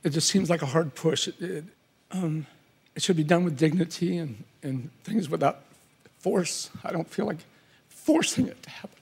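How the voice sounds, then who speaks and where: Gravelly, hesitant middle-aged father. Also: fairly high pitch. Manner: hesitant, halting, soft-spoken. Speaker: guest, father.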